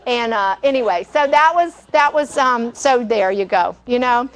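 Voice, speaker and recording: A woman's voice: on the high side, normal speed. A middle-aged woman, teaching a live cooking class and telling stories, chatty with frequent laughter and fillers.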